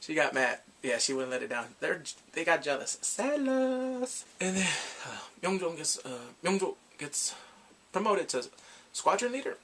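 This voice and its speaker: A man's voice: fairly high pitch, lively intonation, moderate pace, pushed and bright. A grown man chatting casually as a YouTube reviewer, rambling and fanboyish about a show he loved. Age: adult.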